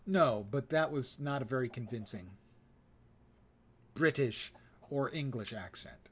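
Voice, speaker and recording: A man's voice: medium pitch, unhurried, husky. A man streaming a game live, adding sarcastic, jokey asides. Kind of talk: live game playthrough commentary.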